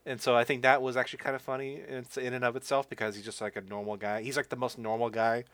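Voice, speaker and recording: A man's voice: mid-range voice, flat delivery, quick pace, a bit bright, clean tone, no room sound. Rambling young man on a podcast. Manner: rambling, hesitant, many fillers and restarts. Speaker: podcast co-host. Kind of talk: casual chat about movies.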